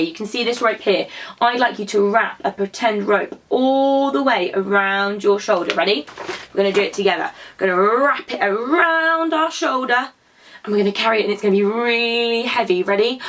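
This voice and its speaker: A woman who teaches drama to young children, telling a story and prompting them to act it out in an animated, encouraging way. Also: mid-range voice, normal speed.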